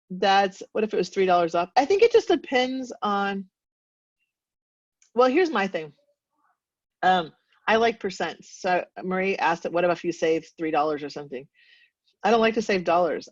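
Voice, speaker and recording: A woman's voice: mid-range voice, no room sound, lo-fi sound. A woman leading a sales team meeting in a casual, chatty way, laughing often and poking fun at herself.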